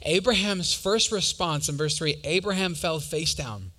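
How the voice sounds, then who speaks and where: Young man, preacher, sermon, bright voice, slightly high pitch, animated storytelling, asks audience questions. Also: measured pace.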